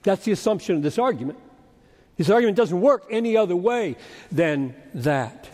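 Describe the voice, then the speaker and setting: A man preaching an expository sermon as pastor, arguing point by point and swinging from loud urging to hushed asides. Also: high voice, expressive, normal speed. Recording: long reverb of a large hall.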